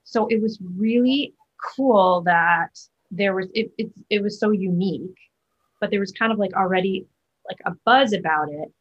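A woman's voice: mid-range voice, moderate pace, slightly rough, dull audio. A woman Broadway actor chatting as an interview guest, talking in a loose, chatty way full of fillers and restarts. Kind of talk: casual interview chat.

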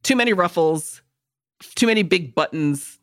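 A woman's voice: lowish voice, moderate pace. A woman co-hosting a podcast, chatting casually with crude, joking humor. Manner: profane, joking, animated. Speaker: podcast co-host. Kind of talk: casual comedic chat.

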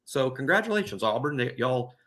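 A man's voice: mid-range voice, very animated, a little fast, a bit bright. A man co-hosting a casual sports podcast, rambling and correcting himself as he concedes a point. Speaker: podcast co-host.

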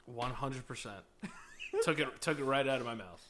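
A man's voice: mid-range voice, lively intonation, moderate pace, a bit bright, a little hiss or hum. A young man co-hosting a podcast, teasing bluntly in crude casual banter. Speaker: podcast co-host.

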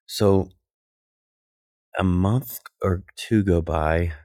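A man, a guest comedian, telling a story in a podcast interview, animated and acting out the voices of people he quotes. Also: low-pitched, extremely slow, no room sound, clean studio sound.

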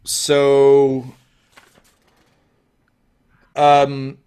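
A man's voice: mid-range voice, monotone, drawn-out words, warm tone, clean tone, soft background music. A man narrating a tabletop game as game master, playful and jokey. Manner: playful, jokey, switching into character voices.

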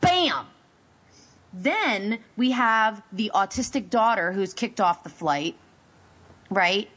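A woman hosting a casual talk show, opinionated and lively, her voice going high when she gets excited. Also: slow. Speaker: podcast host. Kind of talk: casual chat.

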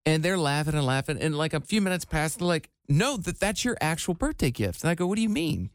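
A man's voice: on the high side, expressive, fairly quick, clean tone, no room sound, studio quality. Laid-back man in his forties telling stories. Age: 40s. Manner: storytelling, laid-back with frequent likes. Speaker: radio show host. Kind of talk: casual chat. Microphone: studio microphone.

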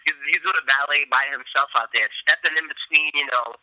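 A man in a casual sports talk, animated and swearing, acting out players' reactions. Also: on the high side, quick pace, no echo, poor audio.

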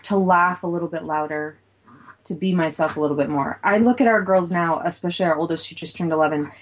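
A woman's voice: on the low side, fast. A woman in her thirties, co-hosting a casual talk show and speaking in a reflective way. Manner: reflective, soft-spoken musing. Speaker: co-host. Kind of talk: casual chat.

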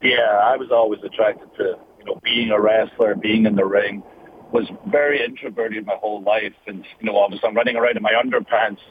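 A Scottish man in his thirties tells his story earnestly and quickly. His voice comes down a narrow, tinny phone line with a faint hiss behind it. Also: fairly low pitch, fairly even intonation. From Scotland. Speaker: guest wrestler. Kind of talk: casual interview over the phone.

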